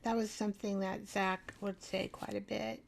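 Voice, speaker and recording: A woman's voice: mid-range voice, little pitch movement, moderate pace, gravelly. A middle-aged woman hosting an art show, chatting casually and rambling to herself as she works on a craft project. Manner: rambling, self-deprecating, talks to herself while working. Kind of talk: casual craft demonstration chat.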